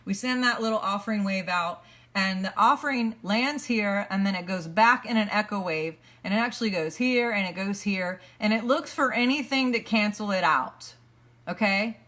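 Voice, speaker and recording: A woman giving a self-help teaching talk as a motivational coach, energetic and repetitive, explaining points step by step. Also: mid-range voice, moderate pace.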